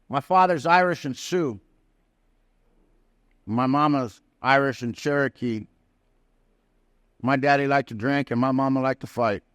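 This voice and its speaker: Man, recovery speaker. Plain-spoken, folksy storyteller with a smooth, resonant voice. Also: medium pitch, fairly bright tone, dry recording, clean studio sound. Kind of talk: personal recovery story told to a live audience. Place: prison hall.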